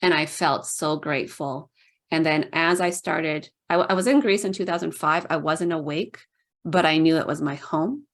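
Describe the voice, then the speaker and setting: Chatty middle-aged woman with a low voice. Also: moderate pace. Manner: chatty, fills speech with "like", puts on voices for quoted people. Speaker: podcast guest. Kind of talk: casual storytelling.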